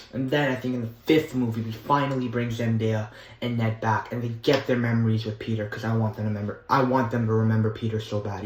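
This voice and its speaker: Young guy vlogging, rambly and excited, lots of um and like, echoey room. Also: medium pitch, a little hiss or hum. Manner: rambling and enthusiastic, with many fillers. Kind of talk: casual chat.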